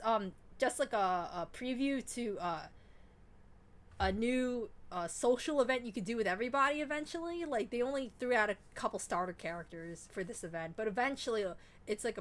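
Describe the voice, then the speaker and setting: A woman streamer chatting casually while playing a game, excitable and rambling, swearing freely. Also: medium pitch, normal speed. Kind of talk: casual gaming stream chat.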